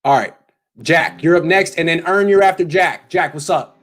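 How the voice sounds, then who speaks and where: A man's voice: on the high side, normal speed, fairly bright tone. Rambling man hosting a call-in show. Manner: loose, rambling, joking. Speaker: host.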